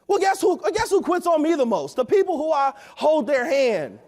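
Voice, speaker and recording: A man in his thirties giving an energetic, preachy motivational talk at a company event, often asking "right?". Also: very high voice, moderate pace.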